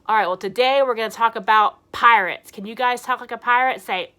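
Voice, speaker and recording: A young woman teaching a lesson to small children, speaking slowly, clearly and with lots of encouragement. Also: on the high side. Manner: animated, encouraging, slow and clear. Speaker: preschool teacher.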